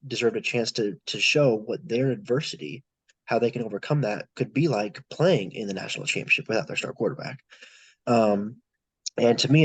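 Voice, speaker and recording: Husky-voiced male co-host, rambling, dry recording. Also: mid-range voice, no room sound, rough recording. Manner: rambling, many restarts. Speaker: podcast co-host. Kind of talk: casual sports discussion.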